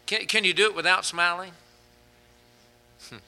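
Bright-voiced male preacher, rising fervor. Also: sits high, fairly even intonation, normal speed, gravelly. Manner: humorous anecdotes with fillers. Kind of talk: sermon.

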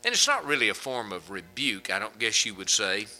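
A man's voice: fairly low pitch, very animated, a little fast, sharp tone, rough recording. A man preaching a sermon as pastor, folksy and conversational, chuckling between points.

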